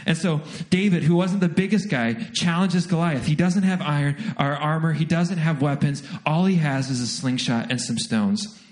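A young adult man preaching a sermon, telling a story with lively, self-deprecating acted asides. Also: a little high, moderate pace. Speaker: pastor.

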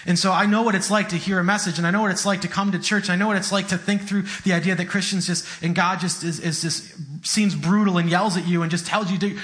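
A man's voice: sits high, steady tone, fast, few pauses, fairly bright tone. A man preaching a sermon in an earnest, conversational way, often repeating his words.

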